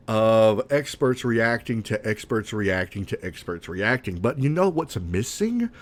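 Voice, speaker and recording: A grown man hosting a podcast, ranting with animated exasperation. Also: mid-range voice. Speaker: podcast host. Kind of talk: casual rant.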